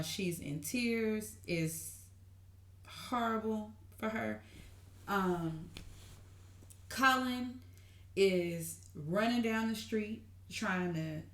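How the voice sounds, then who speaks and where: A woman recaps a TV episode for her viewers, animated and gushing, calling them honey and y'all. Her voice sits mid-range, neither high nor low. The recording is roomy and echoey. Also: slow pace. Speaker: TV recap vlogger. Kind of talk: excited casual recap. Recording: roomy echo.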